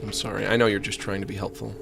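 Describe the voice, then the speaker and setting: A man's voice: fairly low pitch, little pitch movement, rapid-fire, creaky, background noise. A man streaming a game, chatting casually and rambling to his viewers. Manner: rambling, chatty, self-deprecating. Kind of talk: casual let's-play chat.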